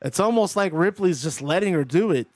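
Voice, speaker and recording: A man's voice: high voice, expressive, a little fast, no room sound. A man calling a simulated wrestling match in casual play-by-play, rambling between the moves and answers to chat.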